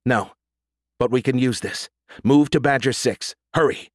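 A man narrating an audiobook voices a sharp young woman who gives brisk, urgent orders over a radio link. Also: mid-range voice, no room sound, clean studio sound, lightly acted. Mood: urgent, commanding.

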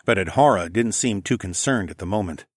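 Guy narrating a sci-fi audiobook, lowish voice, lots of expression, dry close sound. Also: a little fast, dry recording. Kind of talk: first-person sci-fi narration.

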